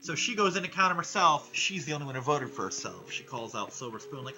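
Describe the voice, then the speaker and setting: A man's voice: mid-range voice, big pitch swings, fast, hardly any pauses, pushed and bright, low-quality recording. A man giving a casual, rambling and enthusiastic recap of a cartoon episode, peppered with swearing. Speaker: vlogger. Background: music playing.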